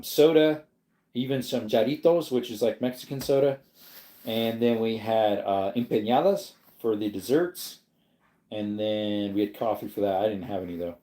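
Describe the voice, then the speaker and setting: A man with a fairly low, dark voice hosts a casual livestream from an echoey room. He rambles loosely and reads viewers' chat aloud, answering as he goes.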